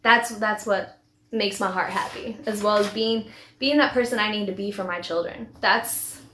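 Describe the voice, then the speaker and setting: A woman's voice: mid-range voice, moderate pace, a bit bright, slight background noise. A woman in her thirties, a vlogger telling her personal story in a heartfelt, rambling way with many restarts. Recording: echoey room.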